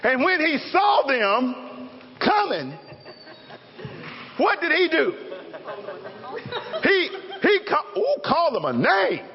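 A male pastor preaches in a high voice that swoops all over. He jokes and calls out to his congregation. The recording is dull and lo-fi, with a long hall echo. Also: slow pace, long pauses. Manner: lively, joking, calls out to the congregation. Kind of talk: sermon. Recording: echoey hall, dull lo-fi sound.

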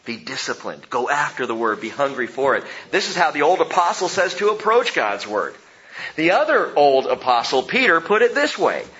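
A male pastor preaching a sermon, animated, swinging between loud emphasis and hushed low lines. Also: moderate pace, dull audio.

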